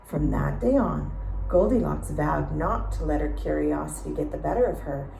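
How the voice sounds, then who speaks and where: A woman reading a children's story aloud, slow and expressive, pausing to ask the listeners questions. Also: low voice, creaky, slight background noise. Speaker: storytime reader. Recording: echoey room.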